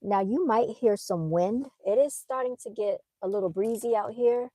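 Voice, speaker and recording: A woman telling a story on a casual livestream, animated, talking straight to her viewers into a phone. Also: medium pitch, normal speed, dry recording. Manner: animated, addresses viewers as "y'all". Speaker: vlogger. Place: outdoors by a car, then moving inside.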